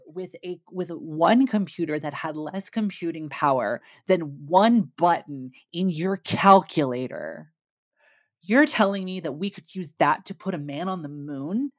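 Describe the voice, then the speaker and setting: A woman's voice: lowish voice, expressive, unhurried. A woman co-hosting a podcast in casual chat, talking in a profane, emphatic rant. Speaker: podcast co-host.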